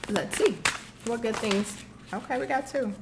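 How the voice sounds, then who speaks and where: A woman's voice: a little high, normal speed, heavy background noise. A woman with a Southern US accent giving a casual, encouraging tarot reading straight to her viewers. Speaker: tarot reader.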